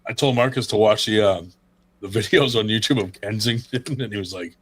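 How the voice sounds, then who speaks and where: A man's voice: on the low side, brisk, a bit bright, dry recording. An American man co-hosting a casual podcast, joking crudely and laughing often. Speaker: co-host.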